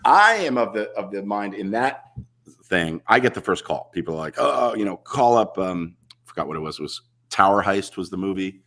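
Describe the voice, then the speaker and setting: A man, a guest on a talk show, chatting casually and telling lively anecdotes over a video call. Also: low-pitched, normal speed. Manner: animated storyteller, acts out other people's lines.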